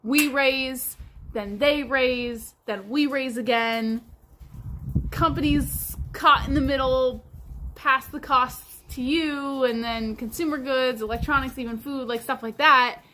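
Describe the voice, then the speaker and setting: A woman's voice: high voice, slow, sharp tone, slight background noise. A woman hosting a livestream in casual chat, rambling along with lots of fillers like "like". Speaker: livestream host.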